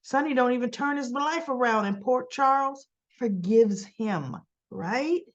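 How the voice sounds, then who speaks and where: A woman's voice: high-pitched, a little slow, lo-fi sound. A woman giving a casual, sassy soap opera recap, full of rhetorical questions and tag questions. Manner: sassy, talks straight to the characters.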